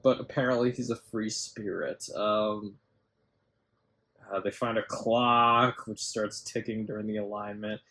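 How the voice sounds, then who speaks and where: A man's voice: on the low side, steady tone, measured pace, pushed and bright. A man co-hosting a podcast, chatting casually about a film, rambling, incredulous, swearing and laughing as he goes. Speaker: podcast co-host. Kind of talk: casual film review chat.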